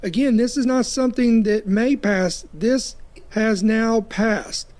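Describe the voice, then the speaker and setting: A man's voice: sits high, slow, a little mellow. A man delivering commentary on a passed bill, urging listeners with warnings. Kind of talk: news commentary.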